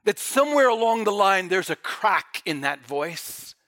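A man's voice: high-pitched, sing-song, measured pace, few pauses. A male preacher delivering a dramatic sermon, dropping to near-whispers and then surging with fervor. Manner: dramatic, swings from quiet whispers to fervent bursts.

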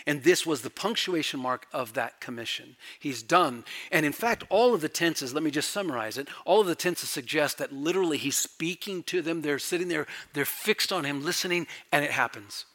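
Preaching expositorily, a middle-aged pastor speaks in an animated, fairly high voice at a moderate pace with hardly any pauses. He stresses his points by repeating key phrases, alternating booming proclamations with quiet asides.

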